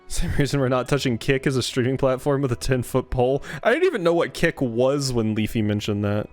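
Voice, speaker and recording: A man's voice: mid-range voice, expressive, brisk, hardly any pauses, faint music behind. A man streaming a game live, chatting casually, reading lines of game dialogue aloud and swearing freely. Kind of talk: live gameplay commentary.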